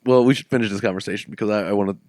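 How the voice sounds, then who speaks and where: A man's voice: lowish voice, racing, a little mellow, no echo. A man co-hosting a podcast in casual chat, laid-back, laughing often and tossing in dry quips. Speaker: podcast co-host.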